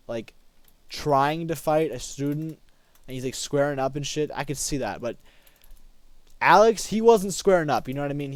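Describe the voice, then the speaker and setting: A young man in his late teens tells a story from school in a loose, rambling way. He swears freely and keeps restarting his sentences. His voice sits at an ordinary pitch, and the recording is dry and close. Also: darkish tone, no room sound. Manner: rambling, profane, lots of fillers and restarts. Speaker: high school student. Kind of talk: casual storytime.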